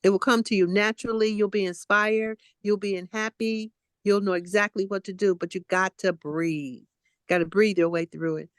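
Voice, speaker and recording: A woman's voice: mid-range voice, fairly even intonation, normal speed, no room sound, clean studio sound. A woman co-hosting a group talk, coaching a friend through her breathing in a coaxing, affectionate way. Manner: warm, coaxing, calls people honey and baby. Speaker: co-host.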